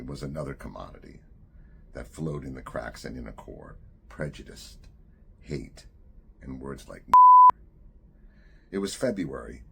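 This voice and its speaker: A man's voice: rumbling low, gravelly, darkish tone. A man in his sixties from New Jersey, an author telling a personal memory in a conversational way, sometimes sinking to a near-whisper. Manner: conversational, drops to a near-whisper at grave moments. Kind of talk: personal storytelling. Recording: faint background noise.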